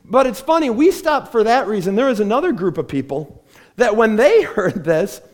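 A man's voice: sits high, very animated, normal speed, darkish tone. A man preaching a sermon from a church stage, telling the story with animation and acting out the voices of the people in it. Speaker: pastor.

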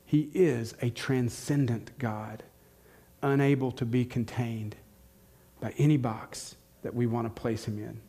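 His voice is dark and medium-pitched, unhurried with fairly even intonation: a pastor in his forties from the United States, Southern accent, giving a sermon. He preaches with earnestness, puts questions to the congregation, and repeats key lines to stress them.

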